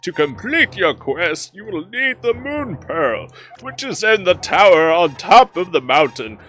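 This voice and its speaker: A man's voice: high voice, big pitch swings, measured pace, bright, forceful tone, soft background music, heavily acted. A man voicing a rambling, kindly old hermit in a shaky elderly voice while reading game dialogue aloud.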